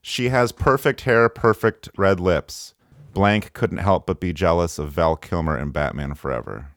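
A man's voice: low-pitched, a little slow, fairly bright tone, dry recording, studio quality. A man hosting a comedic podcast, playful and mock-dramatic, quizzing his co-host. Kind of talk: casual comedic podcast chat.

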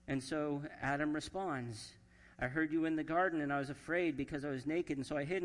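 A pastor preaching in a reverberant church. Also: male voice, a little high. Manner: reads scripture aloud and acts out quoted lines with shifting emphasis. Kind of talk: sermon.

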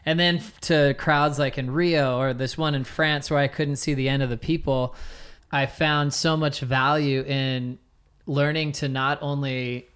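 Smooth-voiced man telling stories casually. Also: mid-range voice, unhurried. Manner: relaxed, laughs often, many fillers. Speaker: guest, surf commentator. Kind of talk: casual interview storytelling.

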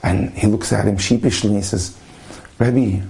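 A man's voice: on the low side, a little fast, vocal fry. A man telling a story and acting out the voices of its characters. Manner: animated storyteller acting out dialogue.

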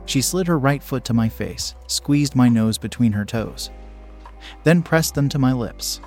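A man reading a first-person story aloud in a steady, measured storytelling voice. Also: medium pitch, faint music behind. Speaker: narrator.

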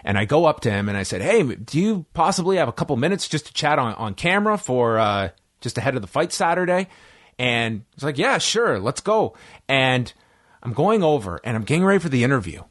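A man's voice: medium pitch, very animated, a little fast. A man who interviews people for media, chatting casually in a rambling way and correcting himself as he goes. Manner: rambling, self-correcting storyteller.

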